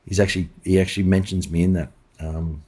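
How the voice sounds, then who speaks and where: Deep-voiced Australian man telling stories. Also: little pitch movement, fast talker, warm tone, slightly rough. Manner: rambling anecdotes with many restarts and fillers. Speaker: chef, podcast guest. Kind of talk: casual interview storytelling.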